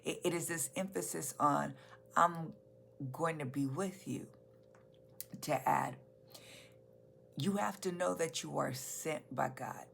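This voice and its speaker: Woman, pastor, emphatic sermon, deep, heavy vocal fry. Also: slow pace, pauses often, a bit bright, a little hiss or hum. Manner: earnest, emphatic preaching with repeated phrases.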